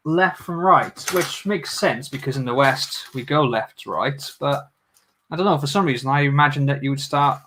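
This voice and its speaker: A livestream host chats and jokes with his viewers while he builds, speaking to them directly. His medium-pitched voice is bright and forceful at a moderate pace, with slight background noise.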